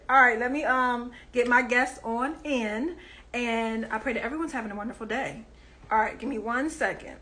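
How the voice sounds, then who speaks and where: High, bright-voiced woman hosting a live chat. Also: normal speed. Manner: chatty, nervous and excited, many fillers. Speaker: host. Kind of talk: casual live interview.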